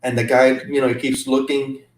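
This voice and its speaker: Guy telling a story, halting, lots of restarts, echoey room, mic kinda far off. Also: mid-range voice, flat delivery. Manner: halting, restarts often, emotional recounting. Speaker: guest. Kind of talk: casual storytelling. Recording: roomy sound from a distant mic.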